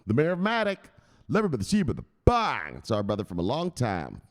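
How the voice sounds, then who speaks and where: Animated, joking man hosting a livestream. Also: medium pitch, a little fast. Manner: animated, profane, joking, greets chat by name. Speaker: crypto news livestream host. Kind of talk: casual livestream chat.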